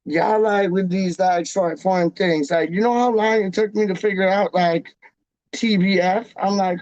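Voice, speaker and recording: A man hosting a live stream, chatting casually with his viewers in an animated, jokey way full of slang. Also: high voice, a little slow, no room sound, lo-fi sound. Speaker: livestream host reading chat. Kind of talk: casual chat.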